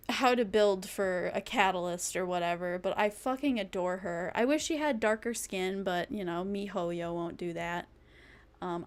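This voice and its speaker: A young woman streaming, chatting casually and playfully, rambling and breaking into silly sing-song. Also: mid-range voice. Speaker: vtuber streamer. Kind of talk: casual live-stream chat.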